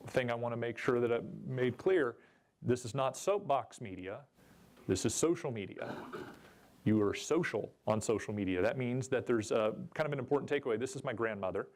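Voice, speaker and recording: A man's voice: medium pitch, a little mellow. A man giving a jokey, chatty seminar talk at a convention and asking the audience questions. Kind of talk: live presentation to a room.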